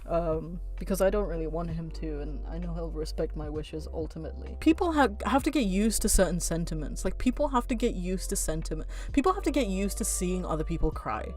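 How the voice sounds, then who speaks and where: A woman's voice: fairly low pitch, brisk, few pauses, faint music behind. A woman vlogger talking to camera in a frank, heated rant, swearing freely and laughing at herself. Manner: blunt, swearing, frank rants; heated, animated. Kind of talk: casual chat to camera.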